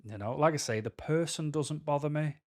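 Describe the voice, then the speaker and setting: A man's voice: a little high, a little fast. A man with a Mancunian accent talking candidly to camera as a vlogger, rambling through personal stories with tangents.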